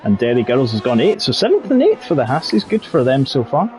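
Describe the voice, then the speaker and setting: A man's voice: mid-range voice, huge pitch swings, brisk, darkish tone, soft background music. A man commentating live on an online racing league, jokey and rambling, full of fillers and nicknames. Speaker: lead commentator. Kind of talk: live esports race commentary.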